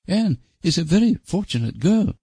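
A prim old aunt delivers a rebuke in a lifted, lively voice, as a low-voiced man puts her on. The reading is close and dry. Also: normal speed, slightly rough, no room sound, heavily acted. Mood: reproving. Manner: prim, scolding.

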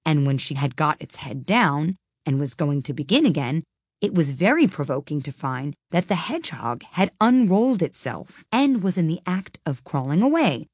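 Woman reading a storybook, low voice but really lively ups and downs, dry close sound. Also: normal speed, slightly rough, dry recording. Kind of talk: storybook read-aloud.

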